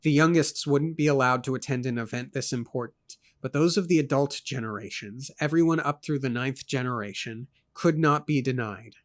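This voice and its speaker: A man in a podcast readthrough, narrating a fantasy novel in an even, mid-pitched voice. He reads steadily and drops in wry comments between passages. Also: normal speed, hardly any pauses. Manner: steady narration broken by dry asides. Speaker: co-host reading a novel aloud. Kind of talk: reading aloud with commentary.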